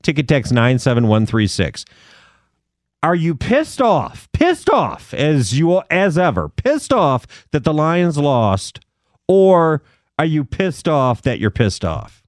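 Man, sports talk radio co-host, lively pitch, dry studio sound. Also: slow, no room sound. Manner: animated, storytelling.

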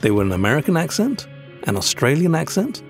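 A man's voice: fairly high pitch, big pitch swings, brisk, faint music behind. A British man hosting and narrating a scripted documentary segment in an explanatory way. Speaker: host and voice-over producer.

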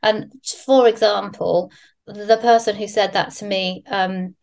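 A woman's voice: mid-range voice, a little slow, creaky. Woman, podcast guest, candid storyteller, salty language. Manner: candid, swears freely, animated storyteller. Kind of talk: casual podcast chat.

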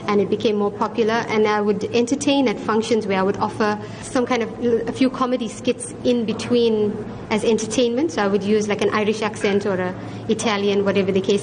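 A woman's voice: medium pitch, background noise. A middle-aged woman, talking in a chatty, earnest way in a news interview. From South Africa. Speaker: restaurateur.

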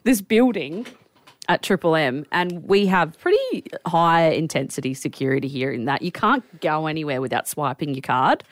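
A woman co-hosts a radio show, telling stories in a lively, chatty way. She laughs often, and her voice sits a little low. The studio sound is close and dry. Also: normal speed, no echo. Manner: animated storytelling with frequent laughs. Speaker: radio co-host. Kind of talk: casual chat.

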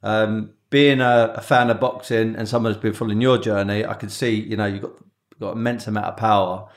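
A man's voice: lowish voice, steady tone, brisk. A man hosting a podcast interview, asking questions in a chatty way and telling anecdotes. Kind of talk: conversational interview.

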